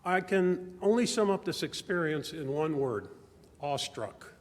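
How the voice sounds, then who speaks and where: An older man giving a personal testimony talk to his church, telling family stories in a measured, reflective way. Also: fairly high pitch, expressive. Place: large church sanctuary. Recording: long church reverb.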